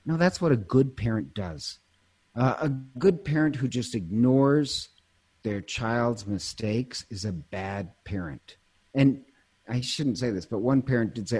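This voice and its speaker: With a mid-range, slightly rough voice, darkish in tone, this man talks at a measured pace with lively intonation. He's a priest in casual conversation, telling stories, cutting himself off mid-sentence, quick to laugh.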